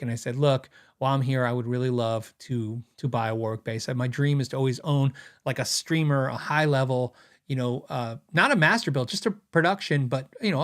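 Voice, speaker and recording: A man hosting a gear podcast, telling a story in a chatty, animated way and laughing at his own anecdotes. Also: mid-range voice. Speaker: podcast host. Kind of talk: casual storytelling.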